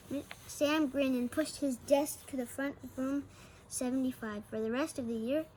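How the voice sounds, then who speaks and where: Lady reading a kids picture book out loud, high voice, little slips, faint room hum. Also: low-quality recording. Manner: reads with slips and restarts, adding small asides. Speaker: storybook reader.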